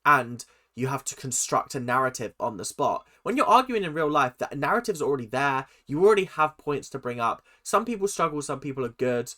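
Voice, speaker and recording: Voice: medium pitch, big pitch swings, fairly quick, hardly any pauses, a bit bright. Sarcastic ranting reaction host. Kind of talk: casual reaction commentary.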